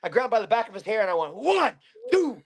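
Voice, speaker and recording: A man, a bare-knuckle fighter from Pennsylvania, telling a story in an interview in an animated way and swearing constantly. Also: sits high, rapid-fire.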